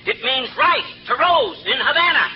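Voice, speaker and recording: An actor playing a blustering, excitable husband who fancies himself a detective, loud and quick to leap to wild conclusions, in 1940s radio comedy style. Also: male voice, extremely high pitch, faint music behind. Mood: scheming. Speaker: comic lead in a radio sitcom. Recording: muffled old radio broadcast with hiss.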